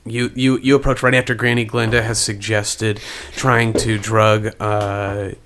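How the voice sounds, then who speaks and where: A man narrating as game master in a tabletop game, animated and rambling. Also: on the low side, measured pace, background noise.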